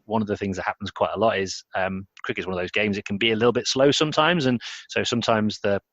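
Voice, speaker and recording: A man's voice: fairly low pitch, steady tone, quick pace, a bit bright, dry recording. A man hosting an interview podcast, rambling a little as he searches for words. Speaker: podcast host. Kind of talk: conversational interview. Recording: slightly dull, dry audio.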